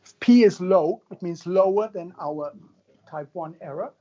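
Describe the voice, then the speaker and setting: This classroom lecture comes from a man whose mellow voice sits high and moves a little slowly, captured on a muffled recording. He keeps things conversational and jokey, regularly checking in with the audience.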